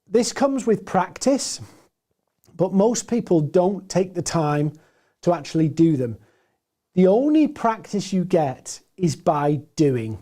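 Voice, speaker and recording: A man with a hoarse, gruff, mellow voice teaches a live webinar over a desk mic. He is animated, swinging between loud points and soft, slow stretches with deliberate pauses. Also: high voice. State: hoarse, gruff voice after hours of presenting. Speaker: webinar presenter and sales trainer.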